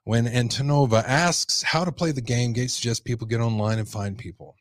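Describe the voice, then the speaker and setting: A man hosting a podcast reads news stories aloud, stopping often for sarcastic comments of his own. His voice sits at an ordinary middle pitch. The recording is dry and close, with no room sound. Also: brisk, no room sound. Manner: sarcastic asides. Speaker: podcast host.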